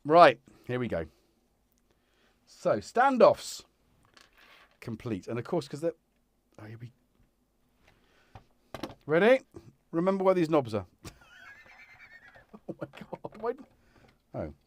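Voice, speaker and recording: Lively, chatty man fixing gear live. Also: on the high side, takes it slowly, pauses often. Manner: chatty, muttering to himself mid-task, self-deprecating. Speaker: livestream host repairing a synth. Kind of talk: casual live-stream chat while working. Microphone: wireless mic that drops out of range.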